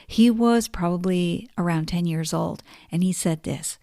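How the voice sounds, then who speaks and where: A middle-aged woman hosting a podcast, telling stories and reading passages in a calm, measured way. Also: lowish voice, creaky, no echo, studio quality. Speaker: podcast host. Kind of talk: reflective spoken essay, reading quotes aloud.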